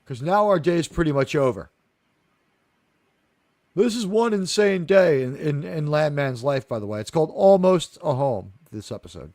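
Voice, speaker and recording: A fairly high-voiced man hosts a live chat about a TV episode, animated and quick to act out quoted lines. His voice sounds close and dry, with no room around it. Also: no echo. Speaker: host of a TV review discussion. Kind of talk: casual chat, recapping an episode.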